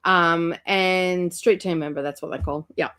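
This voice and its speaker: A woman's voice: fairly low pitch, steady tone, a little slow, fairly bright tone, smooth. A young woman hosting a casual book club livestream, chatty and rambling as she reads out viewer comments with lots of ums and laughs.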